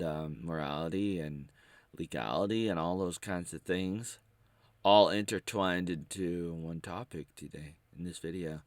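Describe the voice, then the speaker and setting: Bright rambling male vlogger. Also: sits low, no echo, studio quality. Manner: rambling, halting, playful wordplay. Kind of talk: casual unscripted monologue.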